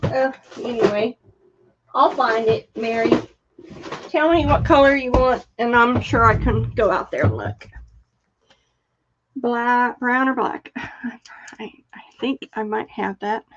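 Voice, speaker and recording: A woman's voice: on the high side, expressive, takes it slowly, pauses often, noisy background. An older woman casually chatting on a live stream, greeting viewers by name and trailing off as she searches for things. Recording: dull lo-fi stream audio.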